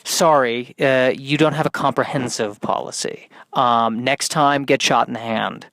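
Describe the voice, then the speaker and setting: A man's voice: medium pitch, steady tone, a little slow, a bit bright, no echo, clean studio sound. A man voicing a cheerfully unhelpful doctor who talks in a breezy, matter-of-fact way.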